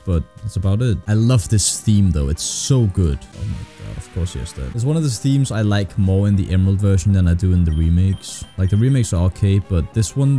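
A young man streams a video game, talking fast and loose, swearing and ranting whenever things go wrong. His voice sits fairly low and sounds deeply mellow and dark. Faint game music plays behind him. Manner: excitable, swears a lot, frustrated ranting. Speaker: gaming streamer. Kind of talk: casual gameplay commentary.

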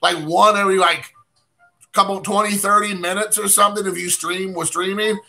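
A man's voice: sits high, flat delivery, normal speed, vocal fry, sharp tone, soft background music, poor audio. A man hosting a casual card-opening stream, rambling and poking fun at himself while chatting with viewers. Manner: rambling, self-deprecating, chatty asides to viewers. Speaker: card collecting channel host.

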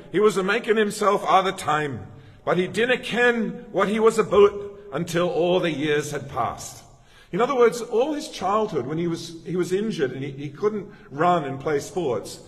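A middle-aged male pastor giving a sermon in a conversational, storytelling way, often restarting his sentences. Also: mid-range voice. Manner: conversational, anecdotal preaching with frequent restarts. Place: church. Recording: long reverb of a church hall.

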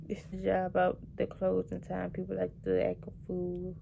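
Young woman, telling a cashier story with sass and dramatic emphasis. Her voice is gravelly with fry. A faint hiss sits under the voice. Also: medium pitch, unhurried, hardly any pauses. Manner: animated, sassy, petty venting with dramatic emphasis. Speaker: vlogger telling work stories. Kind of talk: casual storytime monologue.

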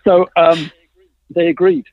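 A middle-aged man, a guest on an interview show, telling a story with lively, self-mocking humor and acting out the dialogue he quotes. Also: fairly high pitch, slow pace, dry recording. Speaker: guest, innovation consultant. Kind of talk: animated anecdote telling in a podcast interview. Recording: dry, tinny phone-like line.

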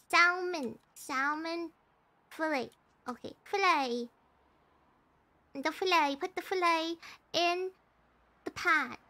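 A young woman streamer chatting casually while playing a cooking game, excitable and repeating herself in frantic bursts. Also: high-pitched. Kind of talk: casual gaming stream commentary.

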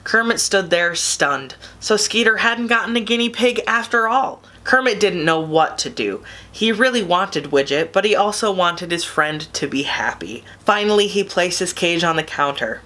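A woman reading a children's picture book aloud in a gentle, steady storytime voice. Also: lowish voice, moderate pace, hardly any pauses.

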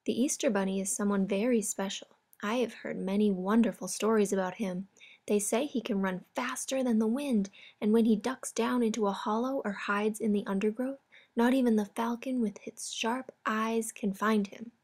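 A woman voicing a gentle, loving mother hare in a storybook. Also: medium pitch, fairly even intonation, moderate pace, natural voice.

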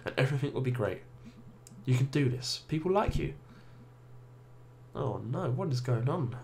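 A man's voice: medium pitch, expressive, moderate pace, creaky, darkish tone, slight background noise. A man voicing an anxious, self-deprecating young adult female cat, a college dropout, over game music.

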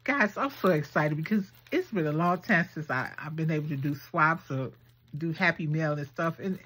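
A woman vlogger chatting casually through a gift unboxing, gushing and excitable. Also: deep voice, a little hiss or hum. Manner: gushing, excitable, talks to viewers as girl and y'all. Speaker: craft vlogger unboxing swap gifts.

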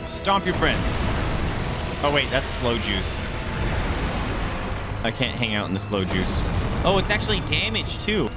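Excitable young man streaming over game music. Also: medium pitch, unhurried, long pauses. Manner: excitable, yelps and groans at the game. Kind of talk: live gameplay commentary. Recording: loud game music under the voice.

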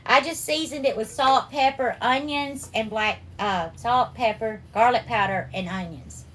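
A woman hosting a live cooking stream, warmly greeting viewers by name and calling them darling and sweetheart. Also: on the high side, a little slow. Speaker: cooking livestream host.

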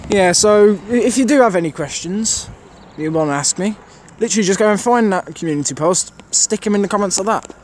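A man's voice: high voice, lively intonation, fairly quick, few pauses, a little hiss or hum. A man filming trains on an outdoor station platform, giving a rambling, casual commentary full of fillers to his camera mic. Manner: chatty, rambling, thinks aloud with many fillers.

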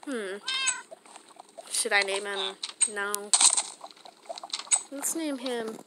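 Speaking very slowly at a medium pitch, a gaming channel host chats and rambles to herself while she plays. It's casual gameplay commentary, and the recording carries loud background noise.

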